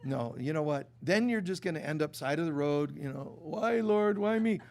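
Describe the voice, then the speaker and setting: High-voiced man preaching conversationally. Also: brisk. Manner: conversational and animated, with many restarts and acted-out quotes. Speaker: spiritual teacher. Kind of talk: sermon. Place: stage before a live congregation.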